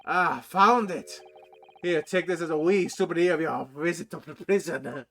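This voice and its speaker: A man reading the lines of an older male prison governor, in a low, slow and measured way. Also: gravelly, a bit bright. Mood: gruff.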